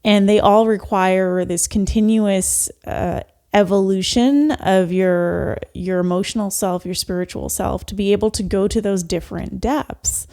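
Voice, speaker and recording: A woman's voice: mid-range voice, measured pace, creaky, hardly any pauses, warm tone. A woman hosting a podcast, reflecting in a thoughtful, coaching way on emotional growth. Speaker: podcast host. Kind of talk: reflective interview talk.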